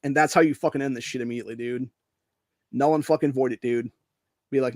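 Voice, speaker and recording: A man's voice: medium pitch, fairly even intonation, fast, long pauses, no echo, clean studio sound. An American man hosting a podcast, ranting angrily and profanely in casual speech, peppering his lines with "dude" and "man.". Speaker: podcast host. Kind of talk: angry political rant.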